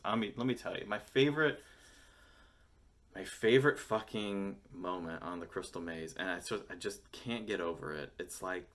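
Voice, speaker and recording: A man's voice: low voice, normal speed. An American man in his thirties chatting casually to camera, rambling and enthusiastic, swearing freely. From United States. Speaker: vlogger.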